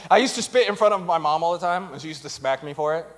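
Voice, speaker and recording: A young pastor speaks quickly in a fairly high male voice from a church stage. His sermon is comedic, full of lively stories in which he imitates the voices of others.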